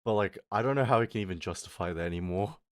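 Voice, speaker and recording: A man with a low voice talks very fast in a casual live-stream chat, bantering crudely, poking fun at himself, laughing a lot and responding to viewers' comments. The sound is clean studio quality with no echo.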